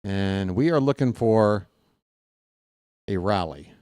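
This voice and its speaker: A man's voice: lowish voice, lively intonation, slow, darkish tone, clean tone, dry recording, studio quality. Chatty partisan baseball play-by-play man. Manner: chatty, joking, openly partisan. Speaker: fan play-by-play commentator.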